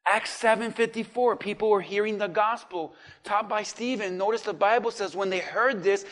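A male pastor preaching a sermon, acting out the cries of people with sudden shouts. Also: sits high, normal speed, hardly any pauses. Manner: dramatic, acts out voices of people in hell.

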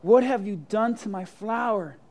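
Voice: mid-range voice, a little slow, darkish tone, lightly acted. A preacher voicing a stern grown-man gardener who scolds and insists, in a sermon story. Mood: scolding.

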